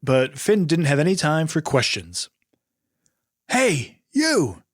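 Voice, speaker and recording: A man's voice: fairly high pitch, lively intonation, normal speed, no room sound, clean studio sound. A man hosting and narrating a scripted children's adventure story, patient and friendly. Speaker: host and narrator.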